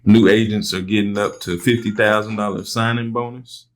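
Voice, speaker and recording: A man's voice: fairly low pitch, steady tone, normal speed. A man interviewing a guest, reading out news items and then asking for his thoughts.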